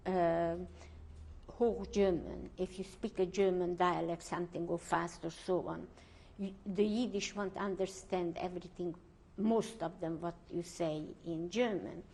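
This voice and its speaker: Slow, halting older woman testifying. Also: lowish voice, fairly even intonation, vocal fry, a little mellow. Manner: slow, searching for words, pauses and restarts. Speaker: Holocaust survivor interviewee. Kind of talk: oral history testimony.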